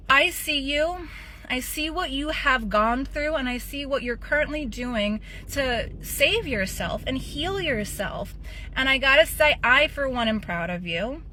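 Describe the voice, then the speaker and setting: A woman's voice: fairly high pitch, sharp tone, slight background noise. A woman in her thirties hosting a show, speaking in a blunt, emphatic, profane personal monologue. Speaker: podcast host.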